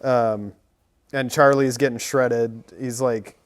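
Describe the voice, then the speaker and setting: A man's voice: medium pitch, steady tone, takes it slowly. Chatty man in his thirties, lots of ums. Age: 30s. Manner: rambling, many fillers and likes. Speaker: podcast co-host. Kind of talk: casual movie recap chat.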